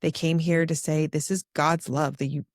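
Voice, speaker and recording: A woman's voice: deep voice, flat delivery, normal speed, no echo, studio quality. A woman podcast host speaking in flowing, enthusiastic run-on sentences in a casual interview.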